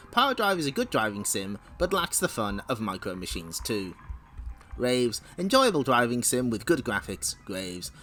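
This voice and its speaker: A man's voice: mid-range voice, pushed and bright. A man hosting a casual comic read-along stream, laughing often and making wry asides. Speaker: streamer reading comics aloud.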